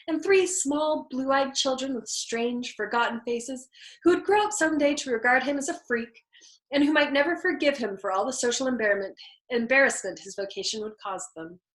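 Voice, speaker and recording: Lady reading a book out loud, kinda high voice, lots of expression, echoey room. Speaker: reader. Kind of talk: reading a novel aloud.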